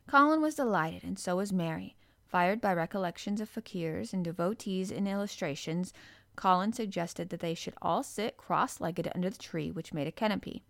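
Woman reading a kids' storybook, lowish voice, dry close recording. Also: moderate pace, gravelly, dry recording. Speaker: audiobook narrator. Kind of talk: storybook narration.

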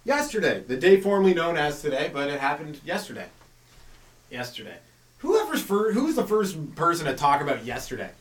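A man's voice: a little high, big pitch swings, a little fast, hardly any pauses, distant mic. A man doing a loose, rambling stand-up monologue as a comedy podcast host, full of fillers and asides. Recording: echoey room, voice off the mic.

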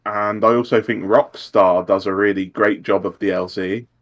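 A man's voice: lowish voice, steady tone, moderate pace. A man on a podcast panel who starts with hesitant repeats, then talks through his opinions fluently. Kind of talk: casual chat.

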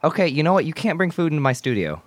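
A man's voice: on the high side, big pitch swings, very fast. A young man hosting a casual podcast, bantering with friends in a playfully exasperated way. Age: young adult. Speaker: podcast host. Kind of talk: casual chat. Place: small home studio.

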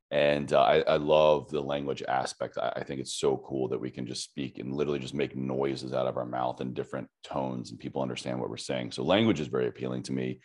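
A man, an army veteran and podcaster, telling his story in a relaxed, chatty interview with frequent fillers. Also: rumbling low.

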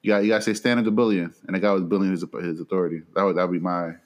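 A man's voice: sits low, fairly even intonation, racing. A man in casual chat, laid-back and opinionated, who laughs often as he makes his point.

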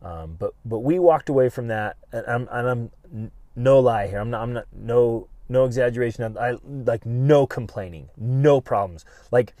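Man, middle-aged, American, earnest storytelling, frequent restarts, dark mellow tone. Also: mid-range voice, expressive, dry recording. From United States. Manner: earnest, halting, many restarts. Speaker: podcast co-host. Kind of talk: personal storytelling.

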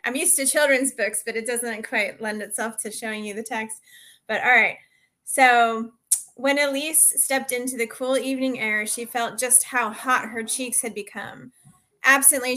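A woman reading a romance novel scene aloud in an expressive storytelling manner. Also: fairly high pitch, moderate pace. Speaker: reader.

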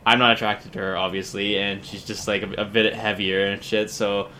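A man's voice: on the low side, flat delivery, normal speed, bright, forceful tone, a little hiss or hum. A man in his twenties co-hosting a podcast, telling a rambling story and laughing often. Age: 20s. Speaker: podcast co-host. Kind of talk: casual chat.

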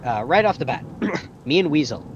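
A man's voice: fairly high pitch, very animated, moderate pace, lo-fi sound, slight background noise. Young man rambling through a podcast review. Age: young adult. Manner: rambling and jokey, laughs often. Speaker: podcast host. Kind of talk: casual film review chat.

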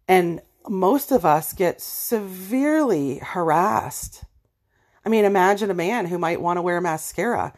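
A woman's voice: sits low, darkish tone. A woman hosting a personal monologue episode, speaking bluntly and passionately and appealing directly to listeners. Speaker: podcast host.

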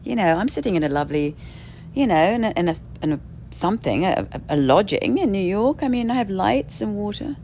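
A woman's voice: a little high, a little mellow, a little hiss or hum. A woman speaking candidly and bluntly, with frequent swearing and laughter, from indoors in a rented lodging. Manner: blunt, profane, emphatic, laughs often. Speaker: speaker sharing spiritual experience. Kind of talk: candid monologue.

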